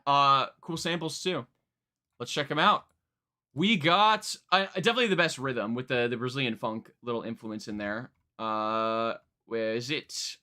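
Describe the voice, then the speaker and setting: A young man chatting casually on a live music-reaction stream, rambling, excitable, and swearing freely. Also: medium pitch, measured pace. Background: faint music playing.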